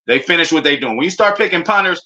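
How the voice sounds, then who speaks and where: A man streaming a casual, excitable reaction to his football team's draft picks, full of slang and talking straight to his chat. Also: fairly high pitch, fast, dull audio. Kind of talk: casual live reaction commentary.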